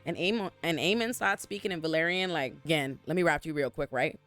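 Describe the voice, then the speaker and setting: Expressive man recapping a TV episode. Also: on the high side, quick pace, hardly any pauses, soft background music. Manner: expressive, profane, acts out characters. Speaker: show recap host. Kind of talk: animated TV recap commentary. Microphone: facing camera.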